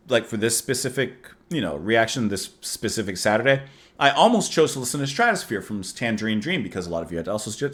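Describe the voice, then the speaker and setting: A man talks through his reactions to an album in a loose, wandering way, often chuckling at his own thoughts. His voice swings widely up and down in pitch as he muses aloud. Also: fairly bright tone. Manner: rambling, musing, chuckles at himself. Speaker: music reaction host. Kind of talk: casual reaction commentary.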